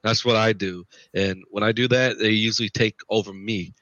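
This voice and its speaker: A man's voice: lowish voice, fairly even intonation, normal speed, pushed and bright, dry recording. A man telling his paranormal investigation stories in a casual, rambling way, often repeating himself. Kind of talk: casual podcast storytelling. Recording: dull lo-fi podcast audio.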